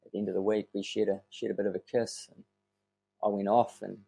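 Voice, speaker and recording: A man, telling his story as a podcast guest in an earnest, animated way and swearing casually. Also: lowish voice, fast, vocal fry, husky, soft background music. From New Zealand.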